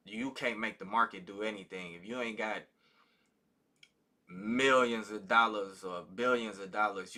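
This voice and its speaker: A man's voice: deep voice, bright, forceful tone. A man hosting a live trading stream, teaching in a casual, loose way with frequent fillers. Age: adult with a child. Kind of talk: live market commentary and teaching.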